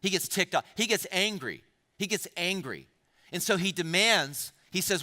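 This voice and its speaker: Male pastor, high bright voice, preaching in a reverberant church hall, repeats and restarts phrases. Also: lively intonation, normal speed. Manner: repeats words for emphasis, many restarts; addresses the congregation directly with questions. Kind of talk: sermon.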